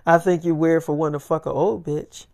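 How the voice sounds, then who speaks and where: A woman's voice: sits low, steady tone, a little fast, darkish tone. A man voicing a blunt teenage girl on the phone who scolds him with crude swearing. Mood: accusing.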